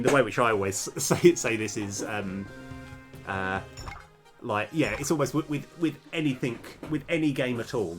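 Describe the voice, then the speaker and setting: A young man streaming game development, chatting casually and hesitantly with many fillers and restarts, his voice slightly worn. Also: lowish voice. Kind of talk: casual live coding chat.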